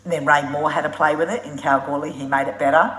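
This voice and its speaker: A low-pitched woman chats on a live stream, spinning travel stories in a blunt, animated way and swearing without a second thought. She laughs often as she talks. Her voice bounces around a roomy, echoey space. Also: fast talker. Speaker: motorbike traveller hosting a live Q&A. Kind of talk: casual live-stream storytelling.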